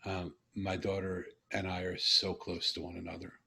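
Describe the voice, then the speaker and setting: A middle-aged man telling a personal story in conversation, earnest and reflective, pausing and restarting as he goes. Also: low-pitched, monotone, gravelly, pushed and bright, a little hiss or hum. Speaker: host.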